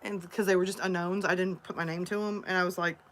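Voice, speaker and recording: A woman's voice: on the low side, little pitch movement, fast talker, fairly bright tone. A woman from Alabama, chatting casually and telling rambling stories on a livestream. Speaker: story narrator and streamer.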